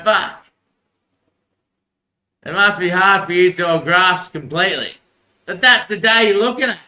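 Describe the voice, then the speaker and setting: Young aussie guy rambling and swearing about god, really bright tone, roomy echo. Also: high voice, unhurried, long pauses. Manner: rambling, crude, laughs often. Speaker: vlogger. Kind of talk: rambling religious monologue.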